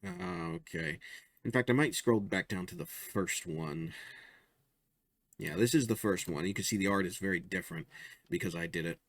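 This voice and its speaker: Low-voiced chatty man showing comics. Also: lively intonation, normal speed, vocal fry, no room sound. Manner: chatty, rambling, chuckles at his own jokes. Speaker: comic strip creator. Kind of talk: casual show-and-tell commentary.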